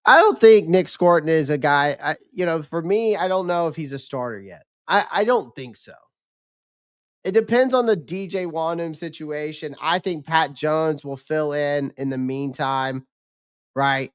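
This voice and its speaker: Rambling male livestream host, smooth voice. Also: fairly high pitch, a little slow. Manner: loose, rambling, with many restarts and fillers. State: losing his voice. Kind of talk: casual livestream commentary.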